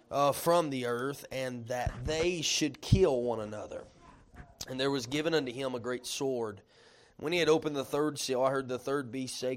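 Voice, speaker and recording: A man preaching a sermon, reading scripture slowly and stopping to ask the congregation questions in conversational asides. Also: mid-range voice. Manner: reads scripture slowly and deliberately.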